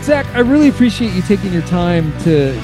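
A man's voice: high-pitched, brisk, over music. A young man hosting a podcast, chatting casually and telling stories with lots of laughter and restarts. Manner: laughs often, animated storytelling with many restarts. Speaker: podcast host. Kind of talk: casual interview chat.

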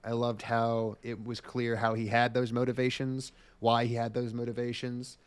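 A man's voice: mid-range voice, completely flat delivery, normal speed, clean tone, no room sound. A man co-hosting a casual podcast, rambling enthusiastically and swearing often. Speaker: podcast co-host.

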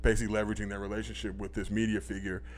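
A man's voice: fairly low pitch, level tone, racing, a little hiss or hum. A young man talking as a podcast guest in casual chat, blunt and profane with lots of fillers.

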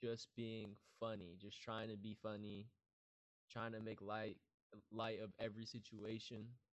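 A man's voice: on the low side, flat delivery, a little slow, no echo. A young man speaking as a podcast guest in casual chat, candid and self-mocking, rambling loosely.

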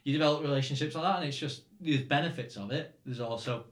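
A man's voice: on the high side, fast, roomy sound. A young Northern English man chatting casually as podcast host, rambling and swearing freely. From England. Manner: rambling, swears, laughs often. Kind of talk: casual chat.

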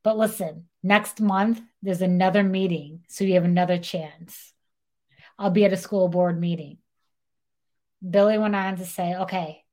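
A young woman co-hosting a podcast, casually retelling a true-crime story and acting out what people said, with a lot of "like". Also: on the low side. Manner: animated retelling, acts out quotes, frequent "like". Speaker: podcast co-host.

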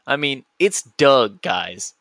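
A man's voice: mid-range voice, very animated, slow, creaky, sharp tone, no room sound. A man hosting a solo podcast, rambling goofily and often cutting himself off mid-sentence. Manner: goofy, rambling, self-interrupting. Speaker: podcast host.

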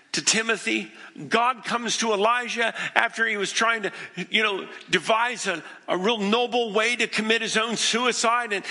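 A man preaching with fervor from the pulpit, his voice gravelly and piercingly bright. He plays out scenes with humor and drops from loud to hushed. A long church-hall reverb trails his words. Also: high-pitched. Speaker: pastor. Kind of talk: sermon. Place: church sanctuary.

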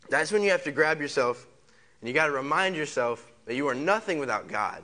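Very animated and a little fast, this pastor preaches in a high, pushed, bright voice. He repeats phrases and fires off rhetorical questions, leading the congregation in call-and-response as they say lines back to him.

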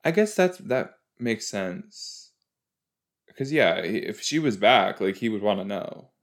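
Male podcast host, unhurried casual reaction commentary, rambling with frequent exclamations. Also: on the low side, very animated. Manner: chatty, rambling, exclaiming with frequent self-interruptions.

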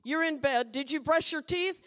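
A woman's voice: high-pitched, normal speed, a bit bright, big-room sound, pitched above the performer's own voice. A woman preacher mimicking a nagging parent who insistently repeats orders to a child. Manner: insistent, repetitive.

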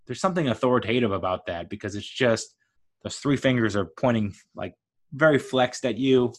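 Here a fairly low-pitched man gushes about a TV show in a loose, meandering spoken review, leaning heavily on fillers such as "uh" and "like."

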